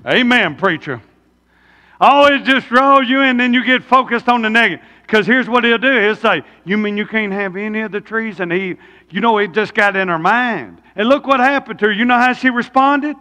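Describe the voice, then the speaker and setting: Preaching in a church sanctuary with long reverb, this man throws rhetorical questions at his congregation in a folksy manner. His very high voice is expressive, bright and forceful, moving at normal speed.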